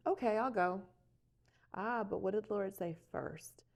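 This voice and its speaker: A woman, a coffee shop owner, telling a story in a casual interview, animated and acting out dialogue. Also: mid-range voice, unhurried, creaky.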